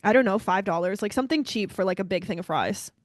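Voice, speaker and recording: A young woman co-hosting a podcast, chatting casually and brightly, often addressing listeners as "you guys.". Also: mid-range voice, quick pace, no room sound, clean studio sound. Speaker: podcast co-host. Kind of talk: casual chat.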